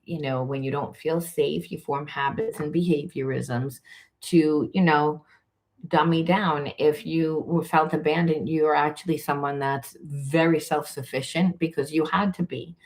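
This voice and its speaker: Low-voiced woman coaching in a rambling way. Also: fairly even intonation, unhurried. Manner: rambling, conversational, frequent restarts and fillers. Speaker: spiritual coach. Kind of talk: informal coaching monologue.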